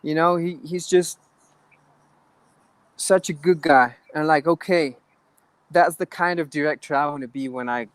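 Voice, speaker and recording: Man, actor guest, earnest, halting restarts, fairly high voice. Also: steady tone, smooth, dry recording. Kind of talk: interview conversation.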